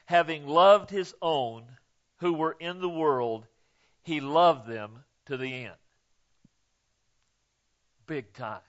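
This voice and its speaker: A man delivers a sermon at an unhurried, deliberate pace, his voice sitting a bit high for a man. He talks to the congregation in a folksy way, tags his points with "okay?" and swings from hushed asides to loud, stressed peaks. The recording sounds a little dull and lo-fi. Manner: folksy and emphatic, punctuating with "okay?". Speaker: pastor.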